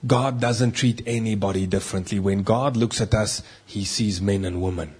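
A man preaching a sermon, emphatic, swinging between loud stressed lines and quiet asides. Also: on the low side, fairly even intonation, normal speed, husky. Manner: emphatic, rising and dropping loudness for stress.

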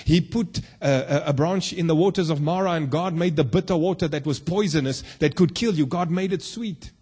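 Husky emphatic preacher man. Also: fairly high pitch, a little fast, darkish tone. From South Africa. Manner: emphatic, rhetorical questions to the congregation. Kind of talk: sermon.

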